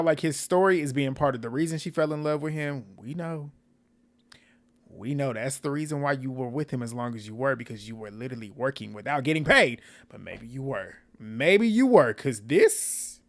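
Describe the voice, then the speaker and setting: Male YouTube recapper, casual and outspoken, mid-pitched everyday voice. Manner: blunt, animated, swears and laughs often. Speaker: reality TV recap host.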